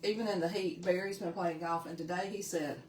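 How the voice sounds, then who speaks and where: A woman's voice: fairly low pitch, fairly even intonation, fairly quick, echoey room, distant mic. Chatty Southern woman hosting a craft livestream. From Tennessee. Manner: chatty, greets viewers by name, laughs often. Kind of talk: casual live craft demo.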